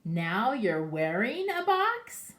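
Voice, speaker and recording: Lady reading as a puzzled storybook parent, slow questions, lively voice, echoey room. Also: a little high, pitched above the performer's own voice, heavily acted.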